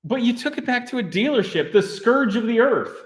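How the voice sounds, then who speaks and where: A man with a high voice hosts a live stream from a workshop garage. He talks to his crew in an animated, joking way and laughs often. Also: a little fast. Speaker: host of a car channel.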